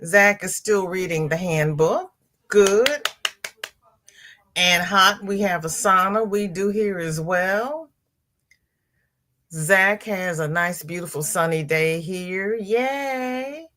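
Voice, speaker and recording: A woman's voice: mid-range voice, takes it slowly, a bit bright. A middle-aged woman hosting a casual livestream, greeting viewers by name and reading out their chat comments. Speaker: livestream host.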